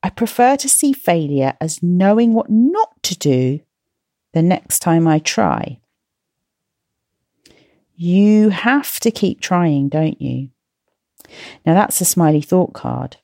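A woman hosting a podcast for children, chatty and gently self-mocking as she encourages her listeners. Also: fairly low pitch, very animated, takes it slowly, gravelly, pauses often, no room sound, clean studio sound. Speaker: podcast host and coach for children. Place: at home, in slippers.

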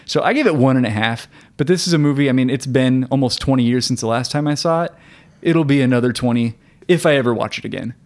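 A man in his forties co-hosting a casual movie review podcast, chatty and quick to laugh, leaning on "like" as he talks. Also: medium pitch. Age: 40s. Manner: animated, laughs often, says "like" a lot. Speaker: podcast co-host.

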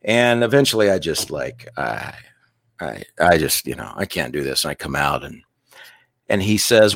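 A man's voice: sits low, big pitch swings, moderate pace, fairly bright tone, dry recording. A man casually telling a personal story, candid and self-deprecating, joking as he goes.

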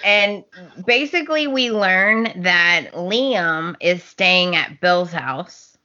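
A woman's voice: on the low side, lively intonation, takes it slowly, bright, forceful tone, dull audio. A woman co-hosting a podcast, recapping a soap opera in casual chat, acting out the characters' lines and laughing often. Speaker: podcast co-host.

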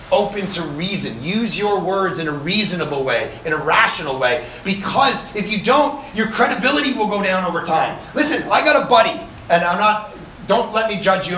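A man preaching a sermon at a camp meeting, with a lively, conversational delivery full of rhetorical questions. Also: sits high, recorded from a distance, slight background noise. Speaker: pastor. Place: summer camp meeting hall. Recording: echoey room, speaker off-mic.

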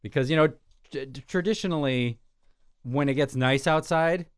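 A man's voice: on the high side, moderate pace, smooth, no room sound, studio quality. A man co-hosting an entertainment podcast in casual, teasing chat. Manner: joking, teasing. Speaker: podcast co-host. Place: Chicago area.

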